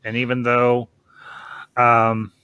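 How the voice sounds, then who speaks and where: A man's voice: medium pitch, monotone, takes it slowly, bright, forceful tone, clear, resonant tone. A man hosting a casual livestream chat, folksy and chatty with frequent ums. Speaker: host.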